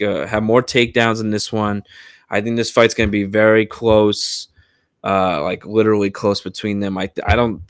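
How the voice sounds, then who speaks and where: A young American man co-hosting a casual sports podcast, talking in a relaxed way with frequent restarts. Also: on the low side, no echo, studio quality. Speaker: podcast co-host.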